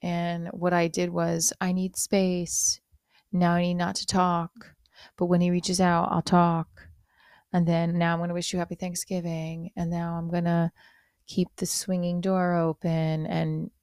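A middle-aged woman with a low, gravelly voice talks through a confessional podcast monologue. She rambles and restarts with many fillers, sounding hurt and low-spirited. The recording is dry and close. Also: darkish tone, dry recording. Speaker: podcast host.

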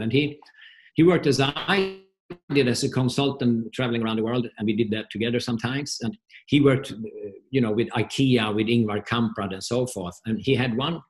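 Middle-aged coach from Sweden, Swedish accent, casual warm storyteller with frequent restarts. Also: male voice, medium pitch. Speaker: guest, performance coach.

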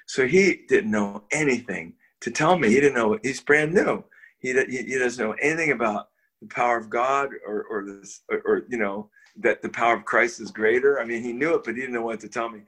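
An older man telling a personal story as an interview guest, his voice sitting at an ordinary, middle pitch. He talks in a lively, animated way, stumbling over repeated words and restarts, with little chuckles along the way. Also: a little fast. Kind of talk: casual storytelling.

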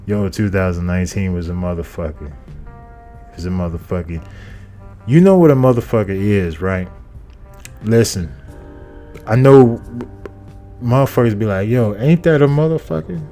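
Male podcast host, low dark voice, swears constantly and rambles, faint music behind. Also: lively intonation, a little slow, long pauses. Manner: profane, rambling, repeats phrases. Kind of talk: casual comedic monologue.

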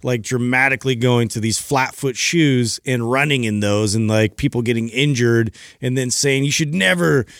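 A man's voice: medium pitch, normal speed, hardly any pauses, fairly bright tone, no echo, studio quality. Playful man chiming into podcast chat. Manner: playful, chimes in with agreement and jokes. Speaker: podcast co-host. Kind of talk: casual fitness podcast discussion.

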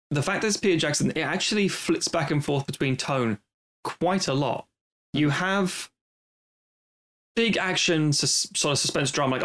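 A lively man breaking down a film with plenty of swearing. He shifts his energy often as he talks, at an ordinary pitch. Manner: animated, profane. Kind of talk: casual film discussion.

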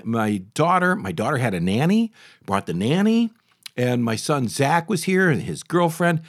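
A man in his sixties hosting a talk show, telling a story in a chatty, animated way full of restarts and asides. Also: medium pitch, no room sound, clean studio sound. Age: 60s. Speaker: radio talk show host. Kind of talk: casual storytelling monologue.

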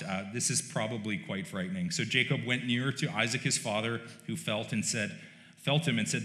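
A male pastor preaching a sermon in a relaxed, conversational way, with wry joking asides. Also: mid-range voice, brisk. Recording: roomy church echo.

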